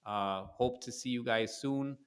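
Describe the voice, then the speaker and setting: A man's voice: mid-range voice, measured pace, smooth. A man co-hosting a casual political livestream, talking in a brash, crude, joking way. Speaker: livestream co-host.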